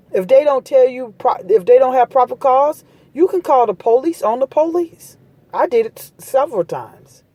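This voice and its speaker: A woman's voice: a little high, warm tone, no room sound. A woman talking straight to her viewers in a casual, impassioned monologue, blunt and preachy, hammering her points home by repeating them. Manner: street-talk, blunt. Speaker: vlogger giving advice.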